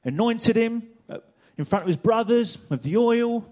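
A man preaching from a church stage, his voice sitting notably high for a man. He drives his points home by repeating phrases and pressing the congregation with rhetorical questions. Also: expressive, normal speed, warm tone. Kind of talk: sermon.

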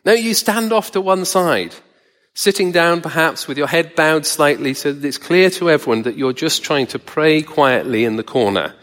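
A man preaching a sermon in a measured, wry, conversational way, slowing down to stress words. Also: fairly high pitch, expressive, fairly bright tone. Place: church hall. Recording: long reverb of a church hall.

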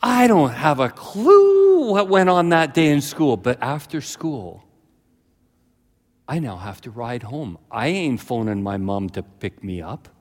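Animated pastor preaching in an echoing hall. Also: male voice, unhurried. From British Columbia, Canada. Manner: animated storyteller, jumps to high frantic voices when acting out his childhood self. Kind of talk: sermon with acted-out story. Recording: long reverb of a large hall.

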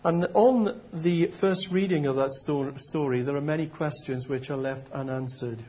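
A man's voice: fairly high pitch, normal speed, dull audio, a little hiss or hum. A middle-aged man preaching a sermon in an earnest, conversational way, raising question after question. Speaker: pastor.

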